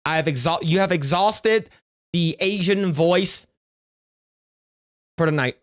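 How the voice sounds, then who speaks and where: A man's voice: fairly high pitch, slow, clear, resonant tone, dry recording, studio quality. A man streaming live, reading donations in casual chat, stammering and restarting often, joking offhandedly.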